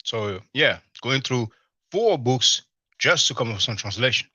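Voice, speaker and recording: Bright-voiced man hosting a live chat. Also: medium pitch, animated, a little slow, dry recording. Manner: loose, rambling, full of "you know". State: talking while eating. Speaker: live stream host. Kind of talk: casual live-stream chat with viewers. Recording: slightly dull lo-fi stream audio.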